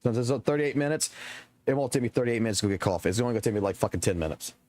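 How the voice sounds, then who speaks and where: A man's voice: medium pitch, animated, very fast, a little mellow, no echo. A man streaming games and ranting to his chat, swearing often and repeating himself for emphasis. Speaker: game streamer.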